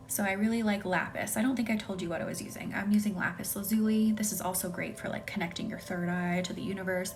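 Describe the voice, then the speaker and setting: A woman's voice: medium pitch, a little fast, a little hiss or hum. Chatty woman whispering on a Reiki stream. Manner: chatty, reads and answers viewer comments by name, drops often into a soft whisper. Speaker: Reiki practitioner hosting a live stream. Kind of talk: casual live-stream chat with viewers. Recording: faint music behind.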